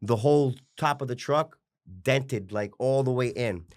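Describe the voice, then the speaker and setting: Unhurried and medium in pitch, with a dark tone, a man in his forties talks about his own story in an interview, drawing on his work as a fitness coach. The recording is dry and studio quality, and he speaks frankly and passionately, wandering, restarting, and swearing.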